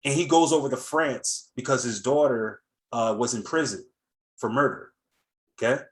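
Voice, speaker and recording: A mid-range male voice at a moderate pace belongs to an American talk show host in a relaxed setting. He meanders through an animated retelling, tripping over fillers and starting sentences over.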